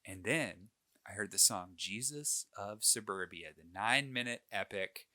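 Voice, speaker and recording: A man in his late twenties, a podcast co-host, telling a personal story in casual chat, animated and self-deprecating, with lots of fillers and restarts. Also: lowish voice, normal speed.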